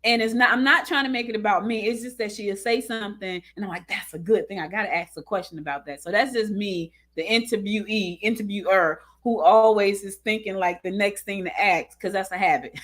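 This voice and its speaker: At a slightly fast clip and medium pitch, a woman hosts a talk show, chatting easily and telling animated stories full of laughter.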